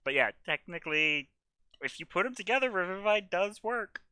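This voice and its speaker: A lively player in a tabletop game, talking in an animated, jokey manner. The voice is very bright and crisp, recorded dry and close. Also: mid-range voice, brisk, no room sound. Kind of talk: casual tabletop play.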